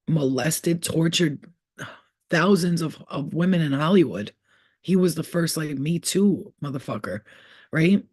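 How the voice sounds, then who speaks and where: A man's voice: fairly high pitch, a little mellow, no room sound. Rambling, profane young man, dry sound. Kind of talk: casual rambling monologue.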